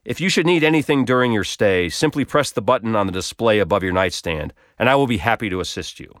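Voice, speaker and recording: A man's voice: lowish voice, animated, fast, fairly bright tone, no echo, studio quality. A man voicing a distinguished male hotel butler who speaks formally and deferentially.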